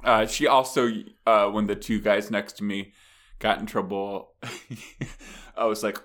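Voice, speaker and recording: A man co-hosting a podcast, telling an animated story in casual chat, laughing often and acting out the people in it. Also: lowish voice, measured pace, pauses often. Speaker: podcast co-host.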